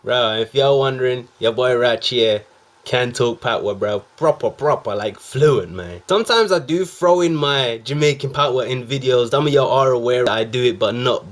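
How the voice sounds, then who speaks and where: A young man talks straight to his viewers in a loose, excitable reaction commentary. His speech is full of slang and quick asides. His pitch sits in an ordinary middle range. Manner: excitable, slang-heavy, chatty. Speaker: reaction video host.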